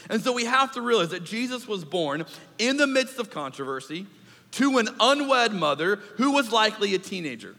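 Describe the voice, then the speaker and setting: A man in a church sanctuary delivers a sermon. He talks in an animated, conversational way and acts out little asides. His high, bright voice rings through a large, reverberant hall. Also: moderate pace. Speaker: pastor.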